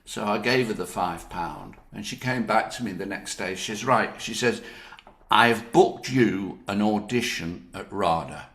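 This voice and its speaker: A man's voice: on the low side, a little slow. An older man with a Northern English accent, an actor telling anecdotes in an interview, laughing often and acting out what others said. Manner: lively, laughs often, quotes others in their voices. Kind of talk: anecdotal storytelling. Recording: roomy echo.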